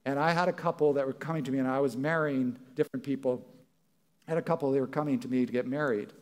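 A male pastor preaches in a church at a quick pace, his mid-range voice steady. He stays conversational and acts out the things people might say.

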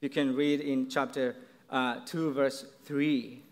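A man preaching a sermon, speaking in a halting way with frequent restarts and fillers. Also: medium pitch, level tone. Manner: slow, halting delivery with repeated restarts and fillers.

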